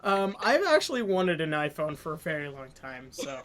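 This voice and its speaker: A game master in a casual tabletop session, joking and swearing among friends, then recapping the story with many pauses. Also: mid-range voice, big pitch swings, crowd noise.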